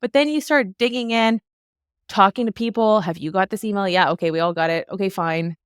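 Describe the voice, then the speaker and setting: A woman's voice: mid-range voice, brisk, smooth, no room sound. Canadian female podcast host, chatty and easygoing, close dry sound. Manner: chatty, laughs often. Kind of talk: casual podcast conversation.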